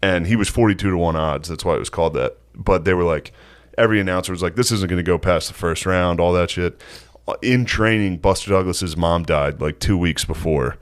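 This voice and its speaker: Deep-voiced young man, casual chat. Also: a little fast. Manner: profane, laughs often, excitable storyteller. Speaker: podcast co-host.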